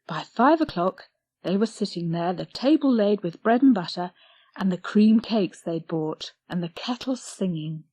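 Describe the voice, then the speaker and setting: Slow, expressive woman storyteller. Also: mid-range voice, no room sound. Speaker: audiobook narrator. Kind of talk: scripted storybook narration.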